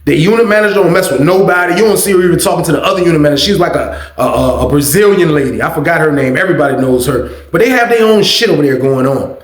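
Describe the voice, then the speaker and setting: A man hosting a storytime vlog, animated and profane, repeating "you know what I mean" often. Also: on the high side, fast talker, few pauses, roomy sound. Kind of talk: casual storytelling.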